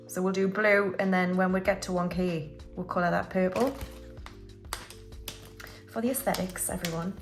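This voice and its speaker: A woman's voice: on the low side, steady tone, moderate pace, pauses often, over music. A woman, chatting casually to viewers while counting cash into budget envelopes. She counts aloud in a breezy way, with offhand asides, and sounds a little under the weather. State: slightly unwell, clearing throat. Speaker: budgeting YouTuber.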